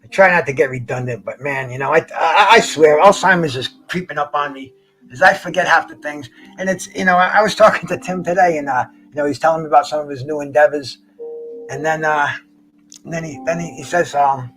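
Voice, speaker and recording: A man's voice: a little high, fairly quick, fairly bright tone, soft background music, low-quality recording. A middle-aged man hosting a boxing show, chatting casually, stammering and repeating words, full of slang. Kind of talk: casual solo chat.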